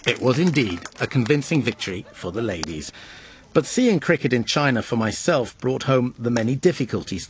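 A man reporting, with measured scripted documentary narration. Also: mid-range voice, husky.

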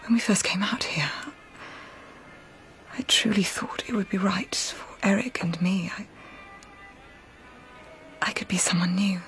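An actress playing a lonely, self-doubting woman who speaks in a hushed, halting half-whisper. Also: medium pitch, soft background music, close to an everyday voice. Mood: wistful.

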